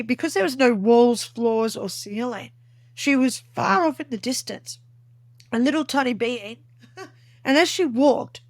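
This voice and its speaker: On an interview podcast, a female guest whose voice is a little high tells of a personal experience with earnest, vivid detail, performing the dialogue she remembers. The recording carries no room sound.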